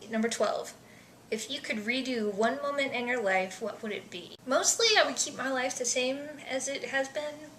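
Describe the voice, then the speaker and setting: A young woman vlogger chatting casually through survey questions, self-deprecating, with soft mumbled asides. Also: high voice, normal speed, reverberant, low-quality recording.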